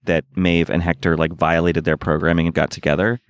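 A man co-host chats casually about a TV episode, mostly in short agreeing replies with halting restarts. His voice is very low. The sound is dry and close to the mic. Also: flat delivery, no room sound. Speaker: podcast co-host. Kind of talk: casual chat recapping a TV episode.

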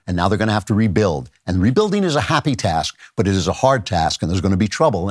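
A man hosting a podcast, giving a commentary monologue on literature, slowing down to stress his key points. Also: lowish voice, no echo, clean studio sound. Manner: reads out quoted verse in a raised voice. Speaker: podcast host.

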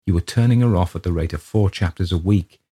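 A man's voice: deep voice, fast talker, warm tone, husky. A man voicing a blunt, earnest woman who scolds a literary friend, speaking pointedly. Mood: exasperated.

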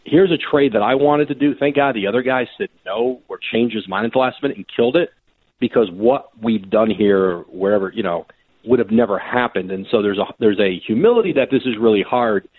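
Male sports reporter guest, husky, storytelling on a tinny phone line. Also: lowish voice, a little fast, dry recording. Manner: animated anecdotes with quoted voices and frequent restarts. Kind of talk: conversational storytelling.

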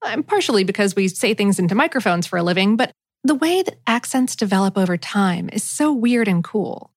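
A woman's voice: mid-range voice, expressive, brisk, dry recording, clean studio sound. A woman hosting a podcast, introducing an episode in an upbeat, conversational way. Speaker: podcast host.

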